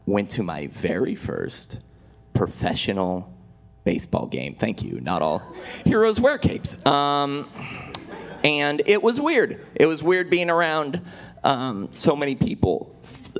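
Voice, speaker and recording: Slow, drawling male stand-up comic. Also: medium pitch, creaky. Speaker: stand-up comedian. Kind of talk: stand-up comedy. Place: comedy club stage.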